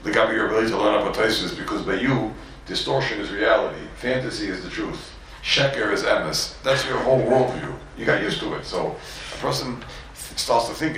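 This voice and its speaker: In a rough, distant recording full of heavy reverb and a little hiss or hum, a rabbi teaches Torah to yeshiva students. He's from Borough Park, New York, and his voice sits on the low side with a fairly bright tone. He repeats words, acts out quotes, and drops in Yiddish and Hebrew terms.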